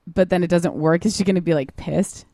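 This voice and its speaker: A woman's voice: on the low side, steady tone, a little fast, dark tone, dry recording, clean studio sound. A woman hosting a podcast in casual, joking chat, laughing often and trailing off mid-thought. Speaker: podcast host.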